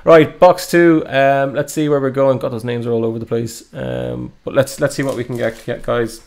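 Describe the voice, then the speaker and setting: A man's voice: mid-range voice, lively intonation, moderate pace, darkish tone. Chatty man breaking cards. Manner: chatty, upbeat, lots of fillers. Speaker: card breaker. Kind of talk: live card break commentary.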